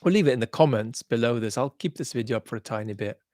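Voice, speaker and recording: A man's voice: mid-range voice, animated, quick pace, a little mellow, no room sound. A man with a mid-range voice hosts a live stream, thinking aloud with plenty of ums before landing on blunt judgements. His accent is mixed, with traces of Australian and London. The sound is dry and close. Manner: thoughtful, hesitant with many ums, blunt in judgement. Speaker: livestream host. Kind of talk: live chat commentary reading viewer comments.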